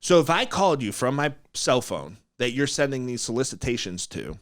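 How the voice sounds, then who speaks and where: Brash male podcast host with a middle-pitched voice, lively delivery and a dry, close sound. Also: normal speed, no room sound. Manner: blunt, animated, fired-up. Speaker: mortgage broker, podcast host. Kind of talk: casual podcast storytelling.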